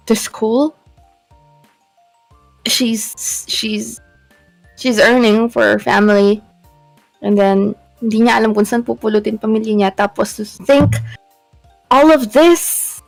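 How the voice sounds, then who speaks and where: A woman's voice: on the high side, gravelly, no echo, low-quality recording. A young Filipino woman talks with a co-host on a stream, in casual chat that switches between English and Tagalog. She stumbles, repeats words and breaks off, with a dry, close sound and faint music underneath. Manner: halting, repeats words, emotional.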